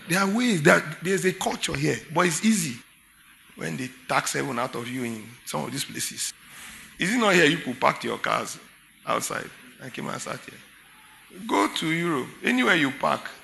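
A man's voice: on the high side, animated, normal speed, gravelly, pushed and bright, slight background noise. A Nigerian man preaching a sermon as pastor, emphatic and full of rhetorical questions to his congregation.

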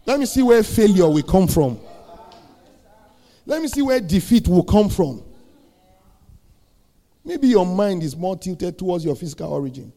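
Man, pastor, gravelly, high voice, dark tone, preaching, rising to shouts. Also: big pitch swings, measured pace, pauses often. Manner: preaching with call-and-response questions, building to shouted peaks. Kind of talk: sermon.

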